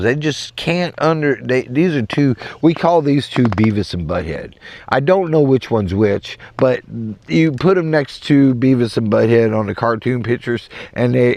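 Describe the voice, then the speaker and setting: A middle-aged man with a Southern US accent tells a rambling, animated story on his podcast, acting out the voices of the people involved. His medium-pitched voice has vocal fry, and the recording carries a slight hiss or hum.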